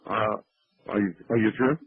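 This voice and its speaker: A man's voice: fairly low pitch, fairly even intonation, moderate pace, breathy edge, no room sound. A man hosting a late-night call-in radio show, dry and teasing, heard on a lo-fi broadcast. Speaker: radio talk show host.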